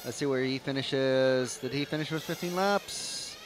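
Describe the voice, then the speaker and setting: Standing trackside at an outdoor racetrack, a man with a mid-range voice offers loose, chatty race commentary full of fillers. He speaks at a moderate pace, and the recording is rough.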